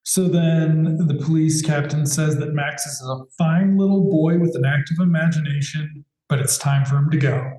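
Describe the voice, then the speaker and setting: A man's voice: fairly high pitch, fairly even intonation, normal speed, hardly any pauses, dark tone, echoey room, low-quality recording. A man co-hosting a podcast, recapping a TV episode in casual, sarcastic chat with the odd swear. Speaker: podcast co-host.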